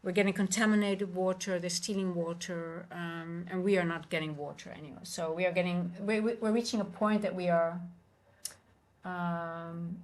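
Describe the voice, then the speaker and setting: A woman hosting a casual trading livestream from home, talking in a chatty, halting way with many restarts. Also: fairly low pitch, steady tone. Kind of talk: casual live-stream chat.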